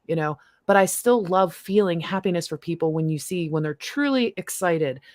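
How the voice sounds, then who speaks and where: A woman's voice: on the low side, moderate pace, a little mellow, dry recording, clean studio sound. A middle-aged woman hosting a spiritual livestream, chatting casually and breaking into bits of song. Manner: chatty, bursts into snippets of song. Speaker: livestream host. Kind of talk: casual chat.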